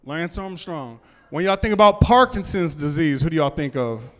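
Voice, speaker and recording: A man with a fairly high, smooth, clear voice works a comedy club crowd, his talk loose and rambling with stammered restarts. He is miked on stage and sounds clean and close. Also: lively intonation, moderate pace, fairly bright tone. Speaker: stand-up comedian. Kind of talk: stand-up set before a live audience.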